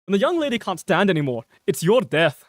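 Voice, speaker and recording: A cocky young mage warrior from a fantasy game, chanting his spell with swagger, as a streamer with a northern English accent reads him out. The voice swoops up and down lively, and the sound is dry and close. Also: medium pitch, brisk, no room sound, natural voice. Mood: teasing. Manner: mock-grand chanting of battle lines. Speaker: streamer reading game dialogue.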